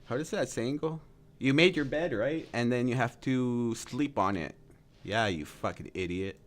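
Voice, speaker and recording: A man's voice: medium pitch, moderate pace. A man streaming live, reacting to a clip with profane, mocking commentary and frequent laughter. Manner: mocking and crude, laughs often.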